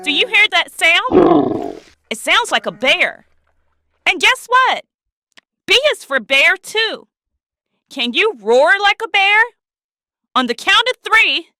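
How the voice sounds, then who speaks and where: A woman with a high, bright voice teaches young children in an unhurried, sing-song way that swoops up and down, inviting them to say words and act along. The recording is dry and close. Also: no room sound. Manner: sing-song, coaxing, asks children to join in. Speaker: children's show host. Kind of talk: children's lesson.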